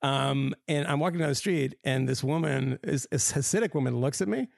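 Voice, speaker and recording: A man's voice: mid-range voice, a little fast, vocal fry, dry recording, clean studio sound. A man co-hosting a podcast, chatting casually and telling wry, rambling stories that he laughs at. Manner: wry, rambling storyteller who laughs at his own anecdotes. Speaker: podcast co-host. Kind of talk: casual panel chat.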